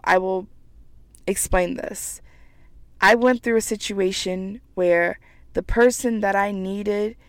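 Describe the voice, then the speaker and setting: A woman's voice: medium pitch, gravelly, no room sound. A woman giving a heartfelt motivational monologue as a writer, earnest and emphatic, repeating phrases as she gets emotional and teary. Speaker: writer sharing personal reflections.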